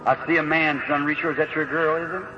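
Fast-talking, with a voice on the high side and fairly even intonation, a man leads a revival healing service on a hissy old lo-fi recording. His folksy, earnest preaching includes calling prayer card numbers for the prayer line and builds to fervent emphasis.

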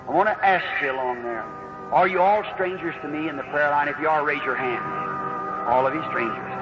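A man's voice: fairly high pitch, brisk, over loud music. A man leading a revival healing service, folksy and earnest, calling out prayer card numbers and rising to fervent emphasis. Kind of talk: revival sermon and prayer line. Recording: lo-fi old recording with audible hiss.

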